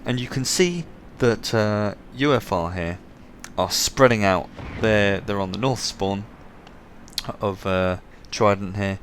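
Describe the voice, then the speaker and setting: A man's voice: on the low side, slight background noise. An English man hosting casual game replay commentary, chatty and full of joking asides. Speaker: game commentator and show host.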